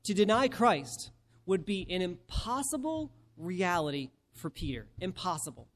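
A male preacher giving a sermon and reading scripture aloud, emphatic and slowing down to stress key phrases. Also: high voice, big pitch swings, a bit bright, a little hiss or hum.

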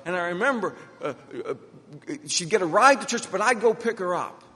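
Preaching at a moderate pace, this middle-aged man has a high-pitched, animated voice that sounds pushed and bright. As pastor, he drives points home through emphatic repetition and personal anecdotes. The long reverb suggests a hall.

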